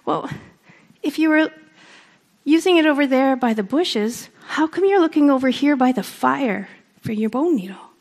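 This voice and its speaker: A woman voicing a helpful, caring male owl in a told story, asking gentle, concerned questions. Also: high voice, lively intonation, normal speed, voice pushed up.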